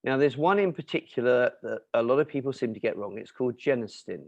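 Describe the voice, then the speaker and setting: A man answering questions in an explanatory talk, lecturing in an animated way with emphatic asides and fillers. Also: mid-range voice, fast, creaky, no room sound, highs cut off. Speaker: nutrition and cancer speaker answering questions.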